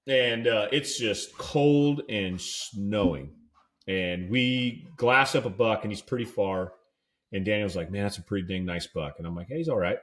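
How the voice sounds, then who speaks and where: A man with a somewhat low voice tells an outdoors story in a loose, casual podcast way. He fills his talk with "dude" and "like" and briefly acts out the quoted lines of his companions. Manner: laid-back storyteller who acts out quoted dialogue. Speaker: podcast co-host.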